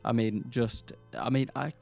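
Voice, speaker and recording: A man's voice: mid-range voice, steady tone, a little slow, vocal fry, darkish tone, soft background music. A man from the UK co-hosting a podcast, chatting casually, often restarting his sentences and swearing offhandedly. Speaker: podcast co-host. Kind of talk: casual chat.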